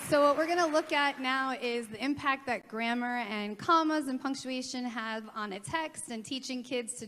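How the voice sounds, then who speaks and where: High-voiced woman presenter, echoing hall. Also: fairly bright tone. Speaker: staff training presenter. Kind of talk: interactive workshop presentation. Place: large auditorium. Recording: long hall reverb.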